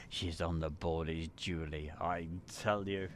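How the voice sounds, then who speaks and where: A man's voice: low voice, fairly even intonation, takes it slowly, background noise. A man hosting a live stream from an editing van, chatting and greeting viewers by name. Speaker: livestream host.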